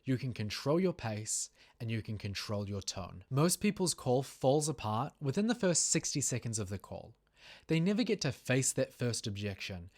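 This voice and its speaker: A man with a New Zealand accent giving a sales training talk in a measured, deliberate and emphatic coaching manner. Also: medium pitch, a little mellow. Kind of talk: instructional talk to camera.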